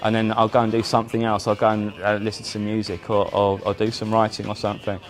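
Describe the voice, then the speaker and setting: A man, a musician guest in a casual chat, telling animated stories with frequent restarts. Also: lowish voice, quick pace, faint music behind. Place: indoor chat.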